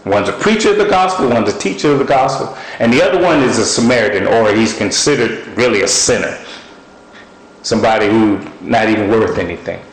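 Animated folksy preacher man, echoey room. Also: fairly low pitch, brisk. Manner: animated storytelling, folksy speech. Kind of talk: sermon.

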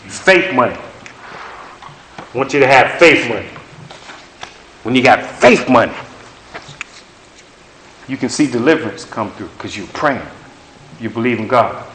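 Emphatic preacher in an echoey room. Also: male voice, mid-range voice, expressive, measured pace, pauses often, fairly bright tone, a little hiss or hum. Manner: emphatic, repetitive, conversational preaching. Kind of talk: sermon with prophetic words.

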